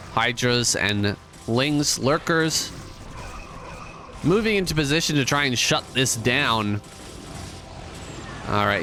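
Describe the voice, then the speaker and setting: A man casts a strategy game match by himself in an easygoing, conversational play-by-play manner with offhand asides. His voice sits at a middling pitch. Faint music plays quietly underneath. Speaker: esports caster. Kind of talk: solo game commentary.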